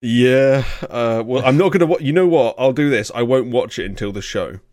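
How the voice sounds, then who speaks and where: A man's voice: medium pitch, moderate pace, a little mellow, no echo, studio quality. A British man hosting a podcast, chatting in a sardonic way and laughing often. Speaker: podcast host. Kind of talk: casual podcast chat.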